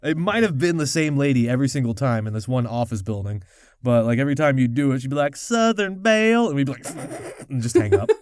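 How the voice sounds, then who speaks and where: A man co-hosting a podcast in casual chat, rambling, swearing freely and laughing often, acting out quoted people in a louder voice. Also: medium pitch, fast. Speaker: podcast co-host.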